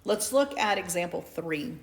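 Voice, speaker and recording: A woman's voice: lowish voice, expressive, unhurried. A woman teacher giving a recorded calculus lecture in a classroom, chatty and prone to asking "right?" with dry sarcastic asides. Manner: conversational, asks for agreement with "right?". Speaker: math teacher. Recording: echoey room.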